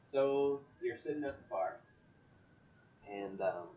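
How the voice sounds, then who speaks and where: A man's voice: on the low side, takes it slowly. Man running a tabletop game on lo-fi audio. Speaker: game master and podcast host.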